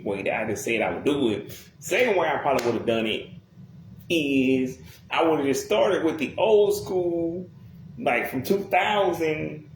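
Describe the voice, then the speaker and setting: Exasperated man ranting in an echoey room. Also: on the high side. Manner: blunt, exasperated, profane, rambling. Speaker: music commentator. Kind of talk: casual ranting commentary. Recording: very echoey room, distant from mic, faint noise.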